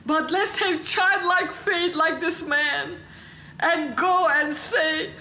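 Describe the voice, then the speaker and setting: A woman preacher telling a testimony in a sermon, passionate, swinging from hushed tones to exclaiming and laughing through tears. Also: very high-pitched, fairly even intonation, slow pace, roomy sound, rough recording.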